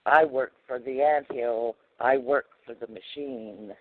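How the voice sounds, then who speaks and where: A man's voice: mid-range voice, steady tone, a little slow, slight background noise, natural voice. A man voicing an obedient male computer chip in a poem he recites on a radio call, in a mechanical, rhyming way. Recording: tinny dry phone line.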